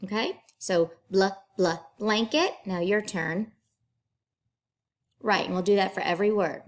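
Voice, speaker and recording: A woman teacher, patiently leading young children through a phonics lesson and sounding each blend out clearly. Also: mid-range voice. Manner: slow, clear enunciation with drawn-out sounds; patient, encouraging.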